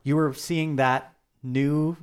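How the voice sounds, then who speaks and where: A man guesting on a comedy radio show as a movie reviewer, talking in a slow, rambling, awkward way. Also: a little high, fairly even intonation, clean tone.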